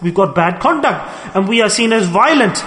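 A man preaches an emphatic sermon in a high voice, pressing his points hard and then dropping to a hush. His words ring in a large hall with a long reverb trailing behind. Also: animated, normal speed. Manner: emphatic, swings between loud exhortation and hushed softness. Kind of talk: sermon with storytelling.

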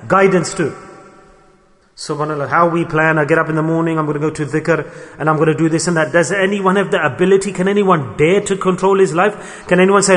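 A man's voice: fairly high pitch, fairly bright tone. A man preaching a sermon, telling stories earnestly and pressing his listeners with rhetorical questions. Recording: long hall reverb.

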